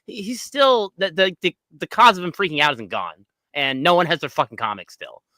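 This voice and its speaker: A man with a bright, forceful tone making dry, sardonic points, pausing on fillers and repeats. He sounds close and dry on the mic. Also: fairly high pitch, expressive, no echo. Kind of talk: casual commentary chat.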